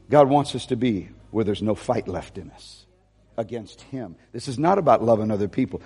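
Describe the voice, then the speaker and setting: A man preaching a sermon at an ordinary mid pitch. He tells a personal story, sinking to near-whispers and rising to emphatic, raised peaks. His voice carries the long reverb of a church hall. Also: dark tone, slightly rough. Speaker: pastor.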